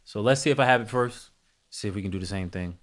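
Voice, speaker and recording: A man's voice: on the low side, fast. A man hosting a live music production tutorial, talking casually to his chat, thinking aloud and correcting himself as he goes.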